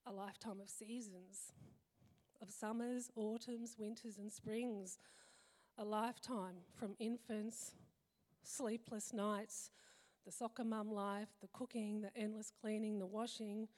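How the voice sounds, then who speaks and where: A woman in her fifties giving a heartfelt, reflective personal talk to a gathering, often pausing to list things slowly. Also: mid-range voice, steady tone, darkish tone. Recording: long hall reverb.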